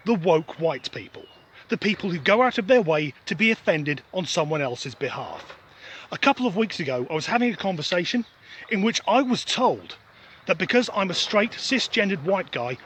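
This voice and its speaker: A man's voice: on the high side, a bit bright, slight background noise. A middle-aged Englishman from Norfolk with a generic Southern English accent, giving a blunt, sweary, sarcastic opinion monologue outdoors. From Norfolk, England. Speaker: vlogger. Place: outdoors, windy.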